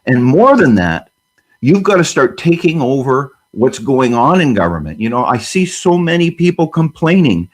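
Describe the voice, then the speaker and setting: A man's voice: medium pitch, sing-song, normal speed. A man speaking as a guest on a panel discussion, fiery and emphatic, firing off rhetorical questions.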